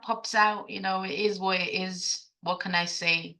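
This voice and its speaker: A woman's voice: lowish voice, animated, normal speed, hardly any pauses, sharp tone. A woman with an accent mixing African, British and American, chatting to herself with casual swearing as she reviews her day trading. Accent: mixed African, British and American. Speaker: day trader. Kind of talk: casual self-talk during a trading session.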